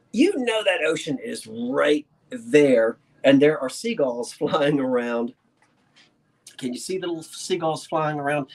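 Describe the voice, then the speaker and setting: An antiques reseller, chatting casually to a live chat while showing a painting, rambling and laughing often as they build suspense. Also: mid-range voice. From South Jersey, USA. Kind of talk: casual show-and-tell talk to a live chat. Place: indoors at a desk with a laptop.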